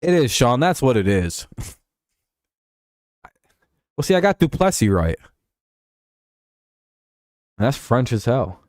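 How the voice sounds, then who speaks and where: A man's voice: medium pitch, big pitch swings, slow pace, pauses often, a little mellow, dry recording. A young man hosts his live stream in an easy, meandering chat, dropping curses as he reads viewers' messages. His voice sits in a middle range. The sound is dry and close, with no room around it.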